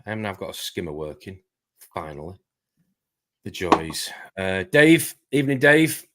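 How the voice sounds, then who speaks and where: A man hosting a casual live stream, chatting quickly and greeting viewers by name. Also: sits low, sing-song, very noisy. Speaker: host.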